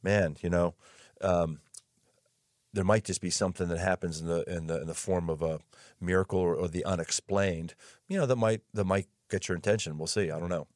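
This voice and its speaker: Energetic joking man hosting a podcast. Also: low-pitched, brisk, no room sound, studio quality. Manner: energetic, jokey, laughs readily. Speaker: podcast host and pastor. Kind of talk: casual interview chat.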